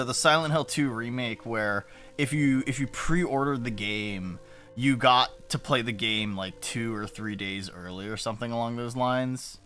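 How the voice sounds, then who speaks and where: A male streamer talks into a desk mic at home, rambling, cutting himself off and swearing freely. His pitch swings widely as he goes, with faint music playing behind him. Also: bright, forceful tone. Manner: rambling, swears, self-interrupting. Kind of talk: casual live-stream chat. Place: home room. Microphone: desk mic with noise gate.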